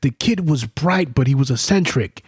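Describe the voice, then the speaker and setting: Profane animated man telling war stories. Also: mid-range voice, normal speed, slightly rough, no room sound, clean studio sound. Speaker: podcast host. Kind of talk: casual chat. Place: studio.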